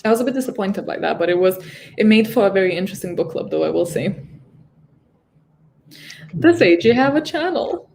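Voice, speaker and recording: A woman's voice: mid-range voice, expressive, fairly quick, vocal fry, pauses often, darkish tone, a little hiss or hum. A woman hosting a livestream, chatting casually and laughing often as she teases her guests. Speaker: livestream host.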